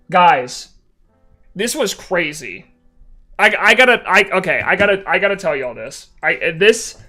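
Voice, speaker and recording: A young man streaming live, chatting casually with viewers and telling an animated story with dry sarcasm. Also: high voice.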